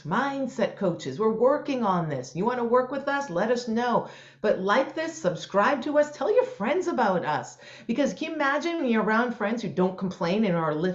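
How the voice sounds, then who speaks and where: A woman co-hosting a podcast as a mindset coach, telling stories in an enthusiastic, motivational way. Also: medium pitch. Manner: enthusiastic, motivational, animated storytelling. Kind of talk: casual podcast chat. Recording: roomy, dull lo-fi sound.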